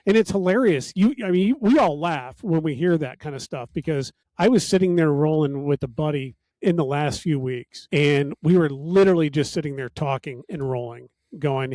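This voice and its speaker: A man's voice: on the high side, normal speed, darkish tone, no room sound. A man hosting a casual podcast chat, telling stories in a wry, sardonic way. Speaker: podcast host.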